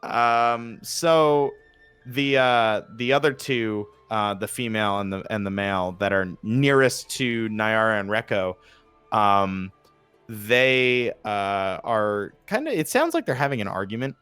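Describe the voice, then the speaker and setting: A man's voice: fairly low pitch, expressive, unhurried, a bit bright, smooth, faint music behind. Rambling New Jersey man running a game. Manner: rambling, many fillers, laughs often. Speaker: game master. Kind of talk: narrating a tabletop game.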